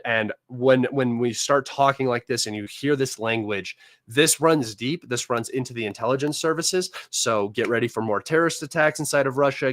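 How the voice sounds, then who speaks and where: A man's voice: mid-range voice, fairly bright tone, dry recording. A man hosting a live political commentary stream, reading news articles aloud and mocking them with scorn.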